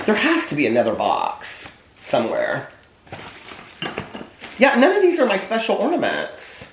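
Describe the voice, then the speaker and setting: A man vlogging casually to his viewers, chatty and animated, often asking them if they can see what he holds up. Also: sits high, unhurried, creaky, long pauses, reverberant, slight background noise. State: out of breath. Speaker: vlogger showing old Christmas keepsakes. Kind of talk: casual chat to camera.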